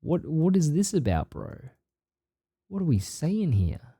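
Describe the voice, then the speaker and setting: A husky, dark-toned man with an Australian accent speaks slightly high and unhurried, his pitch swinging hugely. He's streaming, casually chatting with viewers and reading their messages aloud, blunt and swearing freely.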